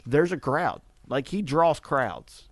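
A man's voice: fairly high pitch, lively intonation, slow pace, no room sound. A man who preaches, chatting on a church talk show and reading scripture aloud, with frequent laughs and restarted sentences. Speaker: pastor and co-host. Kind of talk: casual chat and Bible reading.

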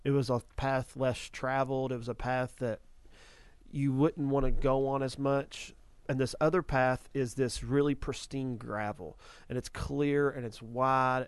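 A man's voice: medium pitch, fairly even intonation, a little slow, clear, resonant tone, no echo. A man hosting a Christian ministry show, earnestly preaching about a vision and repeating phrases for emphasis.

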